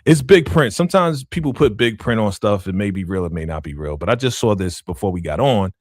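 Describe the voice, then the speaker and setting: Man, Harlem, podcast co-host, playful teasing, very lively pitch, dry close sound. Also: a little fast, no echo. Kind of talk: casual chat.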